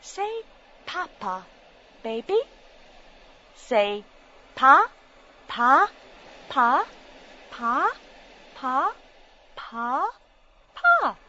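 Brief: woman voicing a young girl, very high, slow drawn-out coaxing baby talk, dull lo-fi sound. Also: sing-song, sharp tone, heavily acted. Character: young girl cooing to an infant, sing-song.

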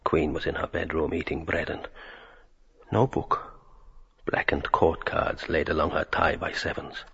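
A man's voice: rumbling low, level tone, measured pace, gravelly, fairly bright tone, slightly rough, heavily acted. An actor voicing a man's drifting inner thoughts in fragmentary, half-whispered phrases. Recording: dull lo-fi radio drama recording.

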